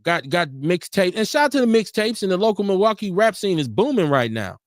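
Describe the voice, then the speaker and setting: A man's voice: sits high, big pitch swings, brisk, dry recording, clean studio sound. A man hosting a call-in radio stream, talking bluntly and arguing with callers and guests. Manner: blunt, argumentative, profane. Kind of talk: casual talk radio.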